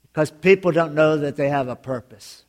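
A man preaching a sermon as pastor, telling jokes and stories in an animated way. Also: on the high side, normal speed. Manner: joking, animated storytelling with laughs.

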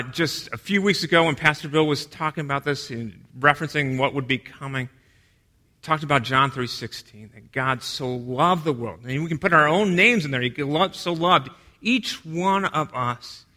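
A man preaching a sermon, moving from emphatic delivery to quiet, hushed retellings of scripture scenes. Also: a little high, normal speed. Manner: dynamic, drops to a hush for quoted lines.

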